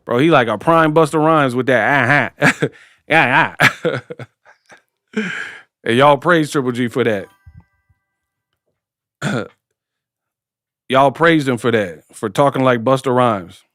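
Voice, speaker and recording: A man's voice: mid-range voice, measured pace, pauses often, fairly bright tone, no room sound, clean studio sound. A man giving casual watch-party boxing commentary in a slangy, joking way. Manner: slangy, joking, breaks into impressions.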